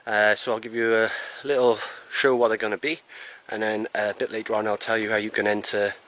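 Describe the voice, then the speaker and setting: A man's voice: on the low side, flat delivery, fairly quick, fairly bright tone. Out-of-breath man vlogging in the woods. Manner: chatty, rambling, self-deprecating. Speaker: camping vlogger. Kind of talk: casual vlog talk to camera. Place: outdoors in woodland. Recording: faint outdoor noise.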